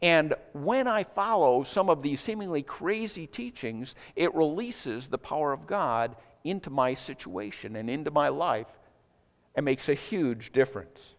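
Casting: male pastor, fairly high voice with a lively, swooping delivery, casual asides, reverberant sanctuary sound. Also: unhurried. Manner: conversational, animated preaching with asides. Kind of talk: sermon.

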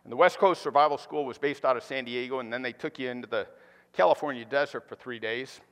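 A male pastor preaching a sermon, animated, swinging from loud emphatic bursts to quiet, hushed points. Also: medium pitch, fast talker. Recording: reverberant hall.

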